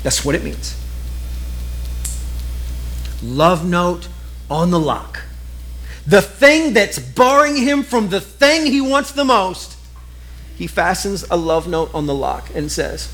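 A middle-aged man preaching a sermon in a lively, conversational way, often turning to the congregation with quick asides. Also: high-pitched. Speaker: pastor.

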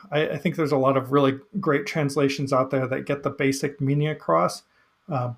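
A man who reads a psalm aloud, then talks it through in a relaxed, hesitant way with many fillers. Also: mid-range voice, creaky. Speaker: podcast host reading psalms. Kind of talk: scripture reading and casual commentary.

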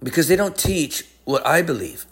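A man preaching a sermon, emphatic, swinging between high excited lines and low hushed ones. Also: normal speed.

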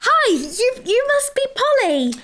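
A woman playing in a tabletop game, bubbly and playful. Her voice is extremely high, swoops wildly and drawls slowly. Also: big pitch swings, fairly bright tone. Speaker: player.

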